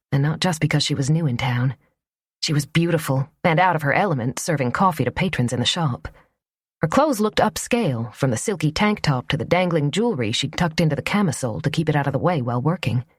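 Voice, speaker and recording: Low-voiced woman reading a romance audiobook. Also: lively intonation, fairly quick, husky, dry recording, clean studio sound. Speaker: audiobook narrator. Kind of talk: scripted narration.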